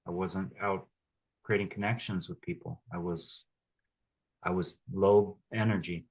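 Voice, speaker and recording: A man taking part in a coaching workshop, sharing a personal story in a halting way with many restarts. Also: low voice, steady tone, slightly rough, low-quality recording. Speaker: workshop participant.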